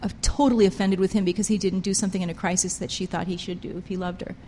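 A woman preaching a sermon with passion, pressing her points hard and swinging between loud emphasis and quiet intensity. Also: lowish voice, flat delivery, very fast, long reverb tail, a little hiss or hum. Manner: impassioned, emphatic, rises and drops sharply in loudness.

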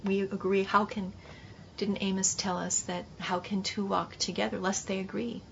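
A woman's voice: mid-range voice, little pitch movement, moderate pace, vocal fry, fairly bright tone, slight background noise. A woman Bible teacher giving an emphatic, repetitive sermon-style class. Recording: dull lo-fi recording.

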